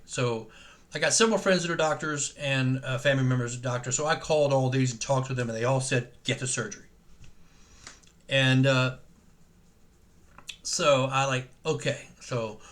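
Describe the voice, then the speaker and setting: A man's voice: mid-range voice, a bit bright. Man rambling through a personal story. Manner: conversational, halting, many fillers and restarts. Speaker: patient keeping a video journal. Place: at home in San Diego.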